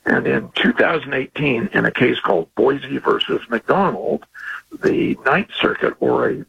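Gravelly, raspy former prosecutor explaining law. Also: male voice, medium pitch, animated, dull audio. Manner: measured, explanatory, with fillers. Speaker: legal guest, former district attorney. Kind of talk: explaining on a radio interview.

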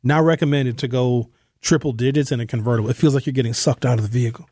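A man's voice: mid-range voice, steady tone, fast talker, dark tone, dry recording. A man hosting a casual talk radio show from a studio, joking and offhand. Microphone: studio mic.

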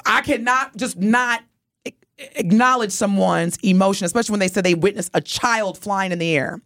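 A woman's voice: medium pitch, normal speed, fairly bright tone, no room sound, clean studio sound. A woman co-hosting a radio talk show, telling a story in an earnest, heartfelt way. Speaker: radio co-host.

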